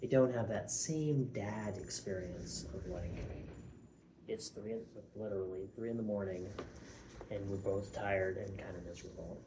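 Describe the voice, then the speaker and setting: A man's voice: lowish voice, moderate pace, background noise. A young man, very tired, talking through a rambling, self-mocking and profane casual vlog at home. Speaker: vlogger.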